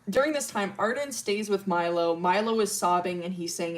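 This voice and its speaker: A woman's voice: medium pitch, measured pace, long pauses. Rambling woman streamer, laughing often. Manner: rambling, laughs often between lines, swears freely. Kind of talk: casual storytelling on a livestream.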